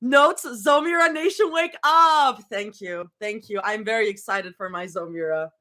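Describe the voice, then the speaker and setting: A woman's voice: on the high side, moderate pace, pushed and bright. Giggly, chatty woman live-reading fanfiction. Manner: giggly, chatty, lots of fillers. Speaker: live-stream fanfiction reader. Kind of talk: casual live reading and chat.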